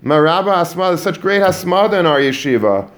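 A man's voice: on the high side, very animated, a little fast, voice pushed up. A man voicing a yeshiva staff member who brushes off a father's worry in a coaxing tone.

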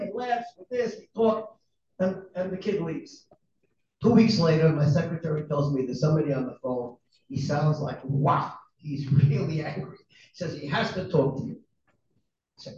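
A man with a high-pitched voice tells a lively story to an audience, laughing often and acting out each person he quotes. He sounds far from the mic in a very echoey hall, and the sound is dull with faint noise behind him. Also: moderate pace. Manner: animated, laughs often, acts out other speakers in the story. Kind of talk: anecdote told to an audience.

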